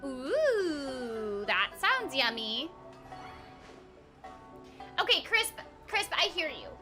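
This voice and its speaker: A woman voice actor chats casually with viewers during a game live stream, playful and giggly, teasing herself, with game music in the background. Her voice is high-pitched with big pitch swings, and she speaks at a slow pace.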